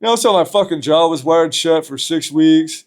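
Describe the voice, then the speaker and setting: A man's voice: on the high side, normal speed. A man, a podcast guest, telling a story from his past in a loose, profane, casual way.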